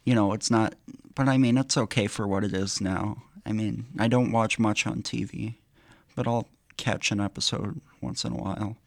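Male radio co-host, low voice, halting casual talk, dry close studio sound. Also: fairly even intonation, vocal fry, no room sound. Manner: hesitant, many restarts and pauses. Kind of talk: casual chat.

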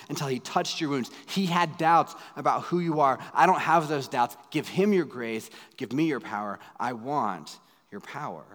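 A man in his thirties, a pastor preaching a sermon in a dramatic way, going from loud pleading to hushed asides. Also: medium pitch. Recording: long hall reverb.

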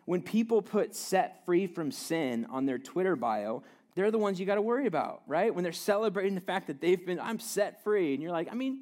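A young adult man preaching a sermon from a stage in a conversational, self-deprecating way, often restarting and repeating words. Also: mid-range voice. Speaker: pastor.

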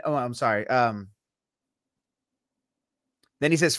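A man's voice: medium pitch, animated, moderate pace, pauses often, a bit bright, no echo. Man explaining scripture, dry close sound. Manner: walks through scripture quoting verse by verse. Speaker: podcast co-host. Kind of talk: casual Bible discussion.

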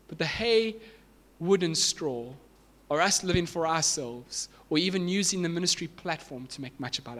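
Emphatic preaching man, slightly high voice. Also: a bit bright. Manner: emphatic preaching, builds to raised repeated lines. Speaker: pastor. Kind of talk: sermon.

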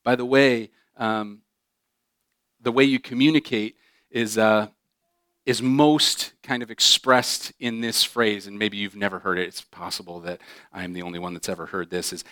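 Animated male preacher, dry sound. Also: fairly low pitch, normal speed, no room sound. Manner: animated, acts out quoted voices with humor. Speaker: pastor. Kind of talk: sermon.

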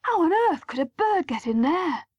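A woman voicing an upset middle-aged mother in a storybook reading, sharp and scolding. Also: very high voice, sing-song, normal speed, no echo, lo-fi sound, voice pushed up. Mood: scolding, exasperated. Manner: shouting, scolding.

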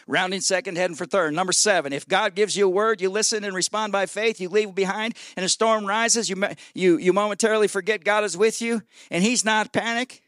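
A man in his sixties preaches with a high, bright voice recorded close and dry. He swings from loud shouting down to low, quick asides and keeps urging the congregation on in a folksy way. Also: fairly even intonation, no echo. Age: 60s. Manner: folksy, exhorting with 'come on, somebody'. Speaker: guest pastor. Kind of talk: sermon.

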